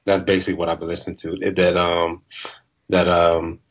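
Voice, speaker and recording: A man's voice: low voice, monotone, fairly quick, highs cut off. A man co-hosting a podcast in casual chat, telling stories in a laid-back way with lots of fillers. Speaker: podcast co-host.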